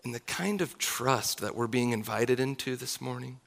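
A man's voice: mid-range voice, normal speed, gravelly. A man in his thirties, a pastor preaching a sermon in an earnest, confessional way. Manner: earnest, confessional, closing in soft prayer.

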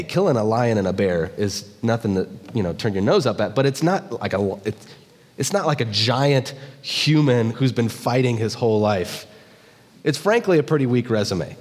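A male pastor giving a sermon, telling jokes and stories in an animated way. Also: medium pitch. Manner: animated storytelling, joking asides. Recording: long hall reverb.

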